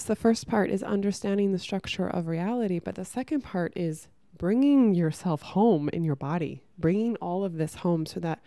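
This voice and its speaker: A woman talking casually to camera about spiritual growth, chatty and soft, often saying "like" and restarting her sentences. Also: lowish voice, dry recording, clean studio sound. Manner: chatty, many "like" fillers and restarts.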